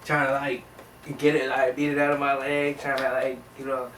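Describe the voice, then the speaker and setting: A young man telling a rambling, slangy story from his childhood, animated and full of restarts. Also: mid-range voice, normal speed, recorded from a distance, slight background noise. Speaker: vlogger. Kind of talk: casual storytelling. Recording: roomy echo, voice a bit off mic.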